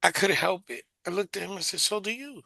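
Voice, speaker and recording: A middle-aged man with a Bronx New York accent, co-hosting a podcast and telling stories in a sarcastic, animated way. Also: high voice, brisk, creaky, no echo. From South Bronx, New York. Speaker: podcast co-host. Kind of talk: casual chat, storytelling.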